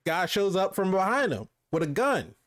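A man's voice: high-pitched, normal speed, noisy background. A man casually recapping a TV episode for a review show, acting out the characters' lines along the way. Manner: animated recapping with goofy impressions. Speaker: podcast co-host reviewing a TV show. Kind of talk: casual chat.

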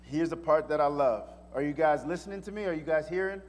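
High-pitched preacher guy, casual slangy sermon, lots of questions, echoey hall. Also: a little fast, a little mellow. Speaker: pastor.

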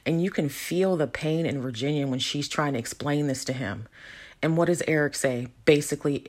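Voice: medium pitch, brisk. A reality show commentator giving casual, opinionated commentary and talking straight to the viewers.

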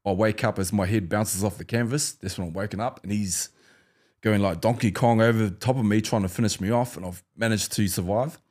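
Male ex-fighter guest, New Zealand accent, low relaxed storyteller. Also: a little fast. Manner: animated storyteller, acts out fight banter and laughs. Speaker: former UFC fighter, guest. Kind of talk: casual storytelling interview.

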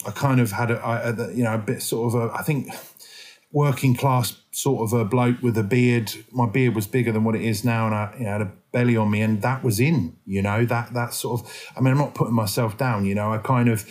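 Rambling English actor in casual chat. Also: male voice, medium pitch, steady tone, fairly quick, a little mellow. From England. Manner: rambling, many fillers and restarts. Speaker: actor guest.

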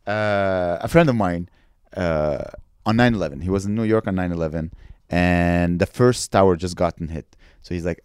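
A man co-hosting a podcast, chatting casually and telling jokes with animated delivery. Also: low-pitched, normal speed, smooth, no echo, clean studio sound. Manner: animated, joking, bursts into silly voices. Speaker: podcast co-host and comedian. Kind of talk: casual comedic chat.

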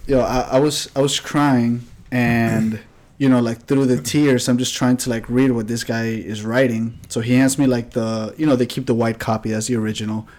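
A young man co-hosting a podcast, telling a story in a lively, laughing way. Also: mid-range voice, normal speed. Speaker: podcast co-host. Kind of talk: casual storytelling chat.

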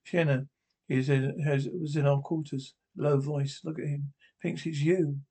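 A man voicing a cheeky, wary young female alien in his own husky voice, with low, guarded asides. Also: steady tone, a little slow, warm tone.

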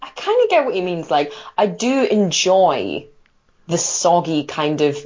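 A woman on a casual podcast making wry, quick asides. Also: fairly low pitch, sing-song, muffled recording, crowd noise. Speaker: podcast co-host.

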